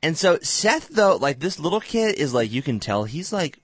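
A man's voice: fairly high pitch, moderate pace, husky, no room sound. A man in his thirties co-hosting a casual radio chat, telling a story with a lot of laughter. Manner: animated storytelling, laughing often. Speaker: co-host.

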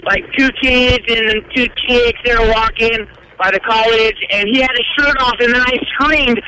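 An excitable man in his thirties chats with radio hosts from a moving car, laughing often and throwing "dude" into every sentence. His voice sits extremely high and sounds very bright and sharp. A faint hum of the vehicle runs underneath. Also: moderate pace, rough recording. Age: 30s. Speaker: radio show regular calling in. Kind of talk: casual morning-radio banter.

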